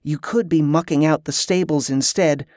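A reader voicing Carla, a brisk, wry young woman traveler, raising the voice into a lighter register for her lines in an audiobook. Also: mid-range voice, fairly even intonation, darkish tone, no room sound, clean studio sound, lightly acted. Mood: coaxing. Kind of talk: audiobook character voice.

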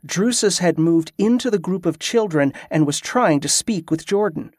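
A man narrating a fantasy audiobook in a steady, even reading. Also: on the high side, dry recording, studio quality.

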